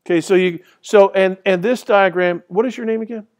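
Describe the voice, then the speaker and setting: Guy lecturing a class, high voice, rambly, lots of uh and you know. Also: fairly even intonation, a little fast, darkish tone. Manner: rambling and conversational, many fillers and restarts. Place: lecture hall.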